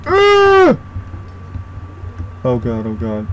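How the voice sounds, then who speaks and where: A young man narrates his own horror game playthrough, scared and muttering to himself, swearing now and then. His voice sits a little high for a man. He talks slowly, drawing out his words. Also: low-quality recording. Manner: frightened, swearing, talking to himself. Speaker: gaming YouTuber. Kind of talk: horror game let's play commentary.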